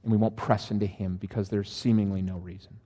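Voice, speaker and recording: A man's voice: lowish voice, little pitch movement, fairly quick, mellow, slightly rough. A male pastor preaching a sermon, reading scripture and dropping dry, sarcastic asides. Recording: long reverb of a large hall.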